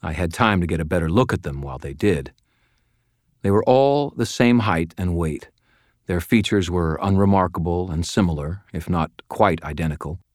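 Audiobook narrator, man, very low voice, dry close studio sound, even first-person storytelling. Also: normal speed, no echo.

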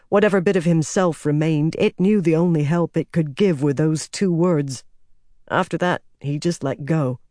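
A man's voice: on the high side, dark tone, dry recording, studio quality, natural voice. A man doing a weary, grim young king. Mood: calm, resigned. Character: weary stern young male king, cold and burdened.

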